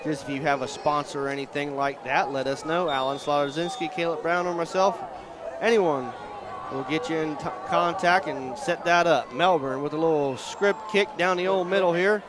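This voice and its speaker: A man calling a live high school football game outdoors in a folksy, excitable way and plugging sponsors between plays. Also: normal speed, a crowd in the background. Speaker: play-by-play commentator and show host. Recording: outdoor stadium noise.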